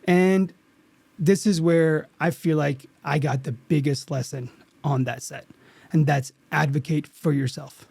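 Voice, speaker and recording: A man speaking in a slightly raised register, earnest and animated as he recounts a story from a set. He restarts his sentences often as the feeling catches up with him. The sound is dry and close, like a podcast mic with no room around it. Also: fairly high pitch, unhurried, creaky, breathy edge, no echo. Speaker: actor guest. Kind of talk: casual interview storytelling.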